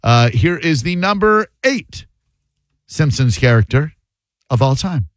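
Chatty radio host, higher voice. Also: male voice, no room sound. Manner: chatty, animated, quick asides. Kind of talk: casual call-in radio talk.

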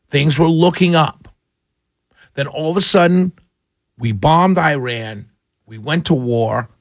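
This is a male radio host with a high-pitched voice, talking straight at his audience. He hammers his points with repetition and a lecturing tone. The sound is close and dry, with no room echo. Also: a bit bright. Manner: emphatic, repetitive, lecturing listeners. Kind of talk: political commentary monologue.

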